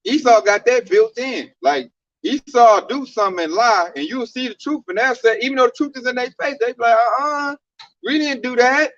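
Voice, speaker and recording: A man's voice: extremely high pitch, lively intonation, a little fast, no room sound, dull audio. A man talking casually about religion in a preachy, emphatic way, full of slang.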